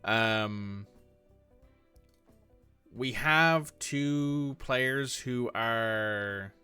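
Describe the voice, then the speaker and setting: A man's voice: medium pitch, drawn-out words, sharp tone, clear, resonant tone, no room sound, soft background music. A man casually commenting as he plays a football management game, thinking aloud and reacting to the match. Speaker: gaming streamer. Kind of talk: casual let's-play commentary.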